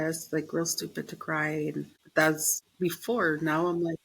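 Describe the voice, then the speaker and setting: A middle-aged woman with a slightly low voice, talking as a podcast guest. She tells stories in a relaxed, chatty way and acts out what she and others said. She uses plenty of fillers and laughs easily. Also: a little slow, husky, low-quality recording. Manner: animated storytelling, acts out her own quotes. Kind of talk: casual interview chat.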